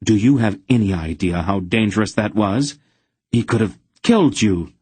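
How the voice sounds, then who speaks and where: A man voicing a fierce, protective sorceress who scolds in a sharp, raised voice. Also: on the low side, expressive, normal speed, breathy edge, dry recording, pitched above the performer's own voice. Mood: angry.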